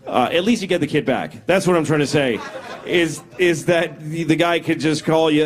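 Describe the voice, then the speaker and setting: Deadpan stand-up man in his forties. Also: on the high side, moderate pace, very noisy. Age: 40s. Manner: deadpan, self-deprecating, acts out voices. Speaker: stand-up comedian. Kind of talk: stand-up routine. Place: stage before a laughing audience.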